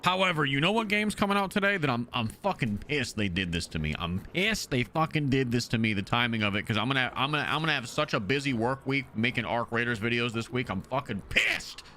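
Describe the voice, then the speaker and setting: Profane, animated male game streamer. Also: medium pitch, fast, hardly any pauses, slight background noise. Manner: profane, animated, frequent stammering restarts. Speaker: gaming streamer. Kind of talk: casual live-stream chat while playing.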